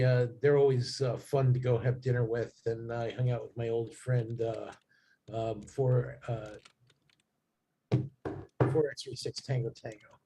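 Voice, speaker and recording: Rambling man with a faint noise behind. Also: mid-range voice. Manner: rambling, many fillers and restarts. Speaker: guest. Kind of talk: casual chat.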